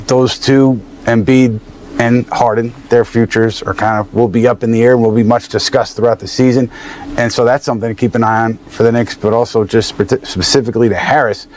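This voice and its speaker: A man reading out a sports news article in a measured, steady way. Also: medium pitch, slight background noise.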